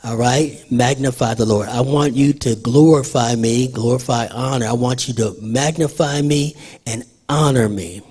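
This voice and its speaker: Husky-voiced older man preaching. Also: medium pitch, normal speed, few pauses, darkish tone. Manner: conversational preaching, asks the congregation questions. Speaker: pastor. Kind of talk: sermon. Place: church.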